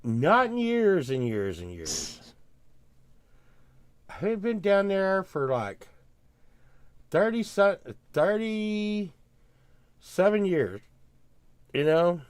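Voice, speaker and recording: An older man, rambling in casual chat as a podcast host, grumbling and getting loud when he rants. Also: high-pitched, big pitch swings, takes it slowly, long pauses, clear, resonant tone, dry recording.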